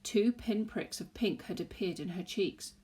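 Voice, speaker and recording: A woman narrating a children's novel aloud in an expressive storytelling way. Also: mid-range voice, measured pace.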